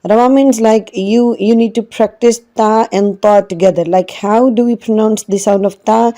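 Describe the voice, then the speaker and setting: Patiently repeating every syllable, a woman leads a slow, spelled-out online Quran reading lesson. Her voice sits in the middle range and sounds mellow.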